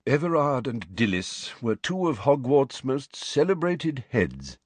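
A man voicing an old headmaster wizard who speaks quietly, calmly and in a measured way. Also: mid-range voice, slightly rough, no room sound, voice pushed up.

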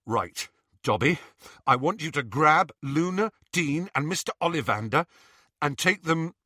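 A man voicing a teenage boy, nervous, hurried, rambling, bright. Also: on the high side, lively intonation, husky, no echo, clean studio sound, pitched above the performer's own voice, full character voice.

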